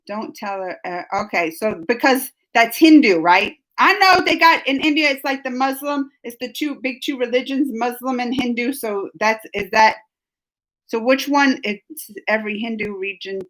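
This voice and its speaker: A woman's voice: on the high side, moderate pace, fairly bright tone. A woman hosting a casual live stream on a computer microphone, rambling and chatty as she reads comments, laughing often and restarting her sentences. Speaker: live stream host reading chat comments.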